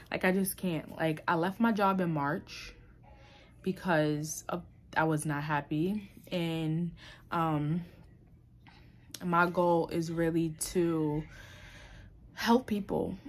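A young adult woman talking candidly to camera in a personal vlog, reflective and emotional, with many fillers and restarts. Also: lowish voice. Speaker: vlogger. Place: New York City.

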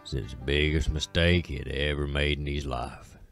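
Very deep-voiced Appalachian man telling a story. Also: steady tone, moderate pace, vocal fry, a bit bright, faint music behind. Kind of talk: folksy spoken storytelling.

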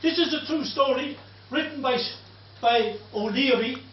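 Man, storyteller, earthy and swearing, high voice, dull recording from far off in a pub. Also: a little slow, echoey room, slight background noise. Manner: animated, earthy, swears freely. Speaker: storyteller and reciter. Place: pub, indoors.

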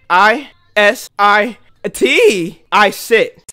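A gamer playing a horror game, jumpy and yelling, taunting and then pleading with the game, spelling out letters aloud. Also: medium pitch, expressive, measured pace. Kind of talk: let's-play commentary.

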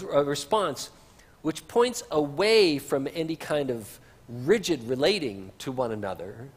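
Male pastor, sermon; husky, animated delivery, easygoing asides; reverberant church stream. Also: mid-range voice. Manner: conversational, with casual asides. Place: church sanctuary.

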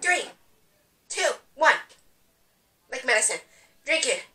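High, lively woman, shrieking and giggling. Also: slow, distant mic. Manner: excitable, bursts into shrieks and laughter. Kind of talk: casual food-challenge chat. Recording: audible background noise.

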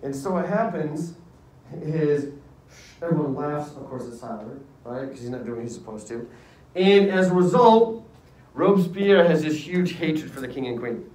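A male history teacher telling a lively classroom story in casual slang, acting out voices. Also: a little high, moderate pace. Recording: echoey room, distant mic.

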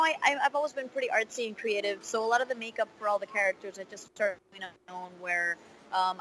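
A woman voice actor answering interview questions in a candid, lively way, with frequent fillers. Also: mid-range voice, a little hiss or hum, poor audio.

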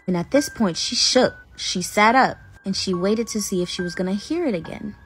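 A woman casually telling a spooky story with suspenseful pauses. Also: mid-range voice, lively intonation, slight background noise. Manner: dramatic, suspenseful. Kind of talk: casual spoken ghost story.

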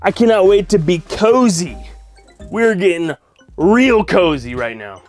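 A man's voice: high voice, expressive, measured pace, soft background music. A man casually chatting to the camera in a van vlog in a playful, joking manner. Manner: playful, talks to his dog, sings goofily. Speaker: vlogger. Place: camper van in winter.

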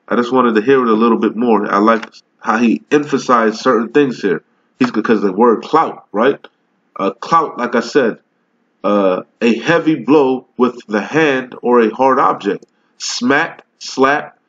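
A man's voice: mid-range voice, fairly bright tone. Confrontational preacher man, lo-fi sound. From Caribbean islands. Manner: confrontational, profane, warns and scolds listeners; reads verses slowly and deliberately. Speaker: street preacher. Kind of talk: scripture-reading sermon video. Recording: dull lo-fi recording.

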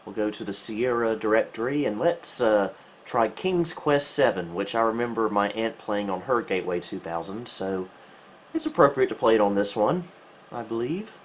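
A man hosting a retro computer channel, giving casual gameplay commentary with relaxed, wry, self-mocking asides. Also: on the low side, normal speed, slight background noise.

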